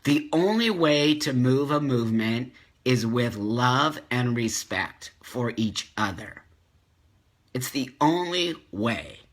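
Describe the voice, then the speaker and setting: A man's voice: mid-range voice, expressive, slow. A middle-aged man hosting a live stream, speaking with passion and repeating himself for emphasis as he reads viewer comments. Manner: impassioned, emphatic repetition. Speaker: host.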